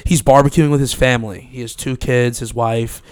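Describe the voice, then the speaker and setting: A man's voice: medium pitch, moderate pace, clear, resonant tone, no echo. A man whose first language is Spanish, co-hosting a casual podcast chat and telling stories with lots of swearing and laughter. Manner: animated storyteller, swears and laughs often. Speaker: podcast co-host.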